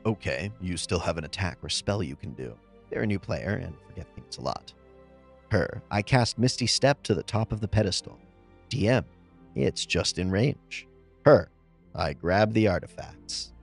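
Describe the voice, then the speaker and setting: A man reading out reader-submitted tabletop game stories in a scripted narration, expressive, with pauses for comic timing. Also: on the low side. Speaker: story narrator.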